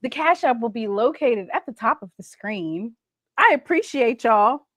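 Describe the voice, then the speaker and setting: A woman's voice: fairly high pitch, expressive, moderate pace, fairly bright tone, dry recording. A woman, hosting a casual livestream chat and playfully reading viewer comments. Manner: chatty, playful, reads viewer comments aloud. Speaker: livestream host.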